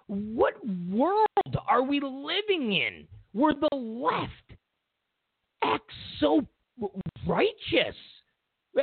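A man's voice: very high-pitched, gravelly, no room sound. A man hosting a political commentary show, ranting in an incredulous way and repeating himself as he builds his points. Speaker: host. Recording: tinny phone-like dry sound.

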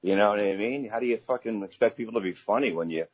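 A husky, lowish-voiced man talks at a quick pace with no room sound on a dull lo-fi recording. He's a middle-aged comedian from Staten Island, New York, guesting on a casual podcast and rambling through profanity-laced anecdotes.

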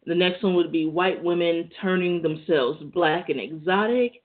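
A woman's voice: lowish voice, normal speed. A woman hosting a talk show, chatting casually and conversationally, laughing easily. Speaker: podcast host. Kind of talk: casual monologue. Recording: tinny phone-like audio.

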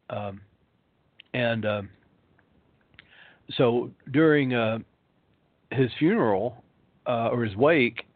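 A man's voice: medium pitch, no room sound. Guy calling in, rambling through a ghost story, dry thin phone-line sound. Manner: rambling, many ums and uhs. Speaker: pastor telling ghost stories. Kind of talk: storytelling on a talk show.

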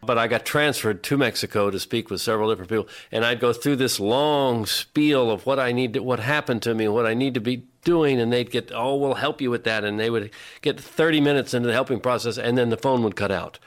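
A man talks quickly and tells a rambling, exasperated story. It is loose, casual comedy chat from a show regular. His pitch sits in the middle range.

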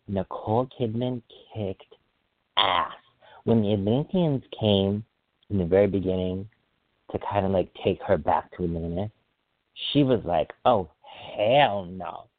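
Excitable man, deep voice, phone-like sound. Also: no echo. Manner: excitable, rambling, quick to apologize. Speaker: podcast host. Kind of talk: casual solo podcast chat.

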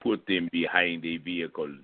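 A man's voice: low-pitched, fairly even intonation, normal speed, no room sound. A man hosting an online talk radio show, playful and rambling with silly jokes. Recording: tinny phone line, dry.

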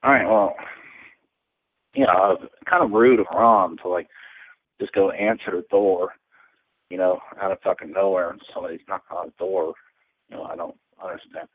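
A man's voice: deep voice, fairly even intonation, moderate pace, long pauses, breathy edge. A man hosting a live call-in show, talking in a rambling, hesitant and profane way. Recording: tinny phone-like audio.

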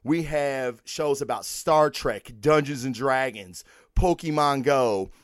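A man's voice: medium pitch, slow, no echo, clean studio sound. A man hosting a podcast, talking casually and profanely through sponsor plugs and giveaway news in emphatic bursts. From United States. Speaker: podcast host.

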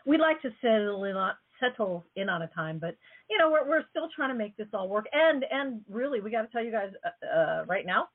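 A chatty woman hosts a radio show at a middle pitch, rambling and joking with her co-hosts. Her voice is going hoarse, and it comes through a thin, phone-like line. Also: animated, a little fast. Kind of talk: casual radio show chat. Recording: phone-like narrow band.

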